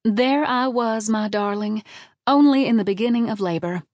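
A woman voicing a doting mother with a sing-song voice, theatrically telling a family story with drawn-out pauses. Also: on the high side, a little mellow, no echo, clean studio sound, close to an everyday voice. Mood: fond, dramatic.

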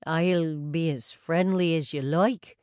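A woman's voice: sits low, steady tone, slow pace, a little mellow, clear, resonant tone, no echo, studio quality. A woman reading an audiobook and voicing a flirtatious, amiable man who teases and jokes. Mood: teasing. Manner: teasing, amiable. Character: flirtatious joking Irish man.

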